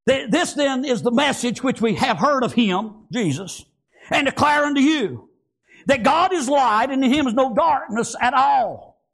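A middle-aged man preaching a sermon in a folksy rural way, calling out to the congregation and dropping into quiet storytelling. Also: very high voice, vocal fry. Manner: folksy, rural speech, frequent call-outs and "praise God"; swings between shouting and hushed storytelling. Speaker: pastor.

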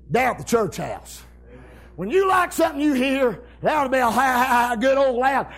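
High-voiced hollering preacher man. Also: sing-song, normal speed, gravelly. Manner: hollering, exuberant Southern-style preaching with shouted amens. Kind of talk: revival sermon.

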